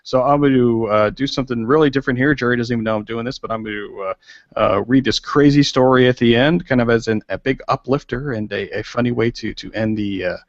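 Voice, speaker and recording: Gravelly, halting male podcast host. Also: medium pitch, no echo, highs cut off. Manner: halting, many fillers and restarts. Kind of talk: casual chat.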